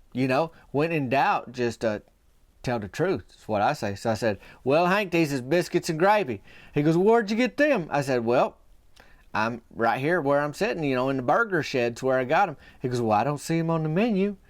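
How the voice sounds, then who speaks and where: A man's voice: mid-range voice, dry recording. A young man with a Southern US accent, hosting a podcast and telling a meandering comic story in a folksy way, often trailing off and starting over. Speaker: podcast host.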